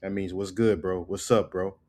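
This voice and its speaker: A man giving a casual spoken language lesson, loose and repetitive, tagging "right?" onto his points and drilling words slowly. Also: deep voice, flat delivery, mellow. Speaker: language teacher.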